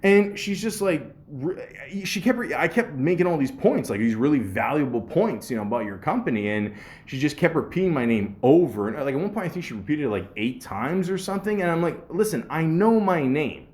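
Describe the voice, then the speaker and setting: Animated, swearing male podcast storyteller. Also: fairly high pitch, brisk. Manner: animated, laughing, swearing, many restarts. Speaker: podcast host. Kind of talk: casual storytelling.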